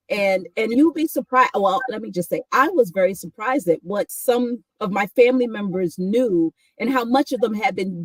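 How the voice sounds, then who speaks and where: Husky, reflective woman, slightly distant mic. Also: medium pitch, darkish tone, no room sound. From New York. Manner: reflective, with many restarts and "right?" tags. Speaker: guest. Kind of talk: casual conversation.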